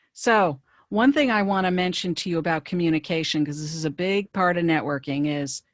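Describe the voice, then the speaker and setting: A woman career coach presenting a webinar in a conversational, brisk way, with frequent fillers and restarts. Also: lowish voice, no room sound, clean studio sound.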